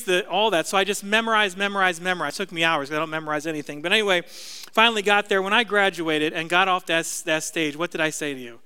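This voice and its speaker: A man's voice: high voice, fairly quick, sharp tone, smooth, big-room sound. A middle-aged man, a pastor, preaching a sermon in a conversational, self-deprecating storytelling way.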